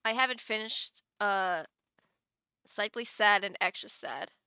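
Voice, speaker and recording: A woman's voice: medium pitch, unhurried, pushed and bright, clear, resonant tone, dry recording, clean studio sound. A woman streamer chatting casually on a live stream, giggling often and rambling with many restarts.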